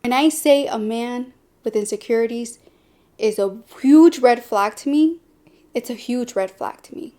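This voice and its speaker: A woman's voice: a little high, unhurried, dark tone. A young adult woman hosting a podcast, talking candidly and bluntly about dating, with sassy, sarcastic asides. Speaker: podcast host. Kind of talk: candid personal talk.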